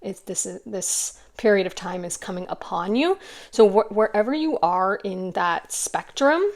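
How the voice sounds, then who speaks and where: A woman's voice: medium pitch, lively intonation, unhurried. A woman giving a casual intuitive card reading to camera, chatty and rambling with many restarts. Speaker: tarot card reader.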